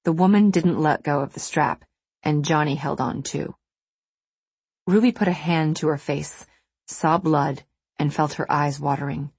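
Low, husky woman narrating a story. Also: a little slow, darkish tone, no room sound. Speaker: audiobook narrator. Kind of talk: scripted narration.

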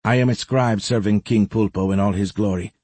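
A man's voice: on the low side, steady tone, fairly quick, mellow, no room sound, close to an everyday voice. A man doing a meek old male scribe. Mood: formal. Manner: formal, careful and courteous. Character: old gray-bearded male scribe servant, meek and formal.

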